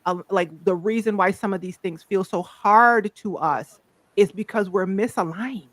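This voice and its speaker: A woman's voice: medium pitch, a little slow, no room sound. A playful woman from the Virgin Islands hosting a casual chat as a life coach. She jokes, laughs often and talks loosely to her viewers.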